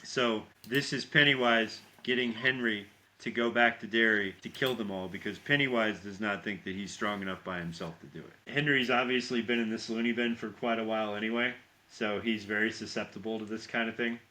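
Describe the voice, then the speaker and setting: A man co-hosting a podcast, recapping a horror film in an animated storytelling manner and often checking for agreement. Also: fairly low pitch. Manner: animated storytelling, quick asides seeking agreement. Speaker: podcast co-host.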